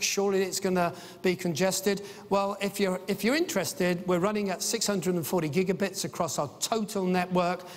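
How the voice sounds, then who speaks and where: A middle-aged man giving an enthusiastic, anecdotal business conference talk, with frequent "uh" fillers. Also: high voice. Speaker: conference speaker. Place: large conference hall. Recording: long reverb of a conference hall.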